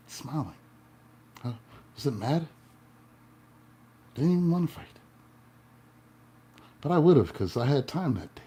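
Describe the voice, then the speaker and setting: A man, a tarot reader and life coach, telling a story to his viewers in a playful way, swinging between loud and hushed and laughing often. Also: fairly high pitch, sing-song, measured pace, long pauses, husky.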